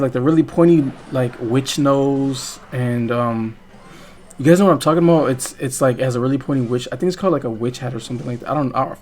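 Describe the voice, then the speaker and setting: A man's voice: mid-range voice, darkish tone. A young man telling a story casually while playing a game, rambling and swearing, full of fillers and restarts. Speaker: gaming vlogger.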